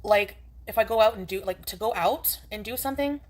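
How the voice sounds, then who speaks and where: A woman chatting on her own livestream in a rambling, distracted, halting way. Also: medium pitch. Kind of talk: casual livestream chat.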